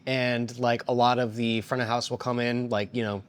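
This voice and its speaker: Guy chatting about kitchen life, loose and rambly, normal pitch. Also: normal speed, clear, resonant tone. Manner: relaxed, rambling with many "like" fillers. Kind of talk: casual interview talk.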